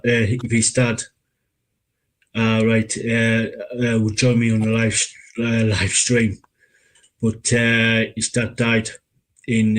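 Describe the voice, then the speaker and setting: Male stream host, flat monotone, halting speech full of ums. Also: lowish voice, poor audio. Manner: hesitant, halting with many fillers. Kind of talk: live stream interview.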